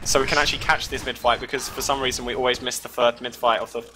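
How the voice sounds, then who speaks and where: A man casting a live esports match, chatty and excitable, often laughing. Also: medium pitch, fast, very noisy. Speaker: esports caster.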